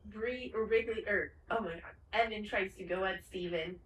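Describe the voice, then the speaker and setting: A woman co-hosting a podcast in casual chat, retelling a TV finale with lively acted-out lines and plenty of swearing. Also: medium pitch, normal speed, echoey room, recorded from a distance, rough recording. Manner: animated retelling, acts out the characters' lines, swears freely. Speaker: podcast co-host.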